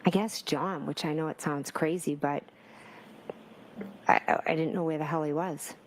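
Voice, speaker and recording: Woman witness on the stand, deep gravelly voice, halting answers full of fillers. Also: fairly even intonation, rough recording. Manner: hesitant, many fillers and restarts. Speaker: trial witness. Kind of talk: courtroom testimony. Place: courtroom.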